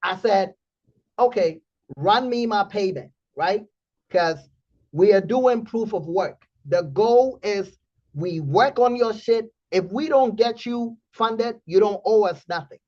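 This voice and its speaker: A man hosting a trading community stream, telling a story in blunt, animated casual talk with profanity. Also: high voice, slow pace, muffled recording.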